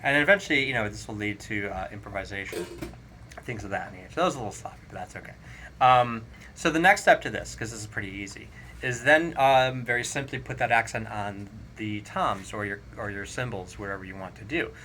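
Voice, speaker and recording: A man teaching a drum lesson, counting rhythms aloud in a relaxed, explanatory way. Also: on the low side, brisk, a little hiss or hum. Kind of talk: casual spoken drum lesson. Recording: drums playing clearly behind the voice. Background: drum kit playing.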